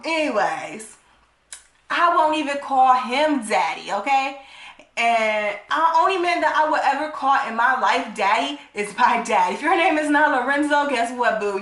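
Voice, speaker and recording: A woman telling a storytime vlog, animated and emphatic, swearing freely and tagging her points with "okay?". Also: fairly high pitch, reverberant. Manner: animated, emphatic, profane, tagging lines with 'okay?'.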